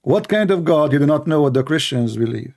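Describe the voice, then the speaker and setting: A man's voice: fairly high pitch, expressive, fairly quick, darkish tone. Sarcastic man taunting callers. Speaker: debate show host. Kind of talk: confrontational call-in debate.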